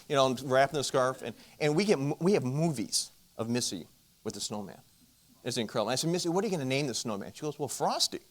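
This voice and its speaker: At a marriage conference, a man with a medium-pitched voice gives a storytelling Christian talk. He tells a self-deprecating story and puts direct questions to the audience, his volume swinging between loud and hushed.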